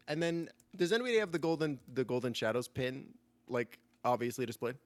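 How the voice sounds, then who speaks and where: A man's voice: mid-range voice, fairly quick. A man narrating a tabletop game as game master in a rambling way, full of fillers and repeated words.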